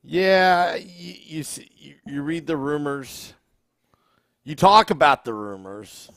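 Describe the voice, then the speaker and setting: A man's voice: fairly high pitch, lively intonation, slow pace, gravelly, fairly bright tone, no room sound, studio quality. A man hosting a sports podcast, talking easily and hesitantly with many restarts. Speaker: podcast host. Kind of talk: casual podcast chat.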